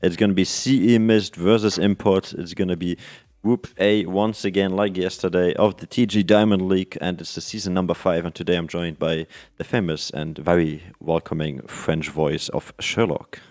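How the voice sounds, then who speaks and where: A man with a low voice hosts an esports stream. He explains the standings at length in relaxed, rambling commentary. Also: normal speed. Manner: chatty, explanatory, many fillers. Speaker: esports caster.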